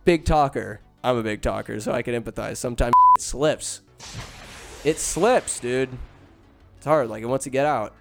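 A man's voice: medium pitch, normal speed, creaky, over loud music. A man casually retelling a movie plot, rambling and joking with profane, slangy asides. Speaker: film recapper.

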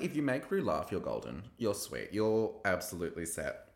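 Chatty animated man in an echoey room. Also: deep voice, normal speed, creaky. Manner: animated, gossipy, acts out quoted lines. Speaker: podcast host reviewing a TV episode. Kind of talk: casual recap chat.

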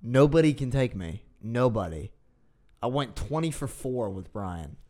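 Animated young man, boastful profane banter. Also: mid-range voice, a little slow. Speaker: podcast co-host. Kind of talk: crude casual banter.

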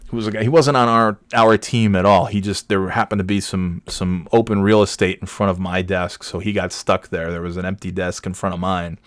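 A man with a fairly low voice tells a long, meandering story from his office days, swearing freely and tripping over fillers. He grows more worked up as the tale goes on. The sound is dry and close, with no room around it. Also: steady tone, fairly quick, hardly any pauses, no room sound. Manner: rambling, profane, filler-heavy, growing exasperated. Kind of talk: casual anecdotal monologue.

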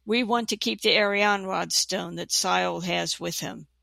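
A hard, demanding elf man holding a hostage, voiced by a storybook reader. He speaks loud and stern in a gravelly, bright voice. It is a plain storybook reading. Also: medium pitch, steady tone, measured pace, no echo, full character voice.

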